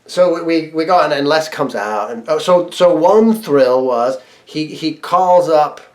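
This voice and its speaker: A man with a fairly high, expressive voice tells a casual personal anecdote at an unhurried pace. He's chatty, laughs often, and keeps restarting sentences and using fillers.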